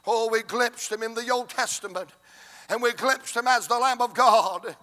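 A man preaching, his voice pitched very high and ringing bright. He drives his sermon with shouted, repeated calls. The delivery rolls in rhythmic runs. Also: moderate pace.

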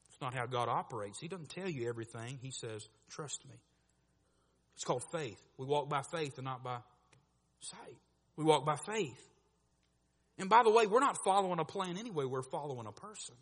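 A man preaching a sermon, animated, acting out voices in his stories and swinging from quiet asides to loud bursts. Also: fairly high pitch, moderate pace. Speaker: pastor. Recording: echoey hall reverb.

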